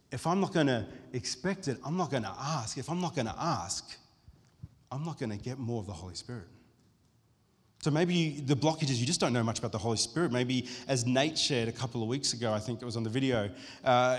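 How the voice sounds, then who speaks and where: A pastor giving a conversational sermon, with frequent restarts and asides to the congregation. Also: male voice, medium pitch. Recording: long hall reverb.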